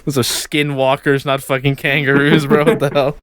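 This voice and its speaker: A man's voice: medium pitch, level tone, normal speed, a loud crowd. A young man co-hosting a podcast, reacting with disbelief, laughing often and swearing. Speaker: podcast co-host. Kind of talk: casual banter.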